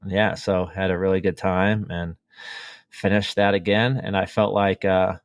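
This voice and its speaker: This low-pitched man speaks at normal speed with little pitch movement, recorded at studio quality without echo. He's a marathon runner on a podcast, chatting casually and enthusiastically spinning a running story full of fillers and restarts.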